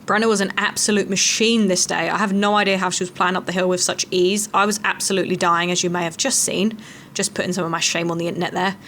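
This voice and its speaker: A woman's voice: fairly low pitch, flat delivery, fast, a bit bright, slight background noise. A young woman vlogging a hiking trip, chatting casually and poking fun at herself. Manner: chatty, self-mocking. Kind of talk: casual travel vlog chat and voice-over.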